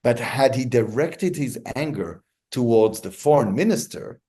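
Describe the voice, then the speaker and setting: This man, a hostage negotiator in an interview, speaks in a measured, mid-range voice. He reflects as he recounts stories, unhurried and thoughtful, with plenty of restarts along the way.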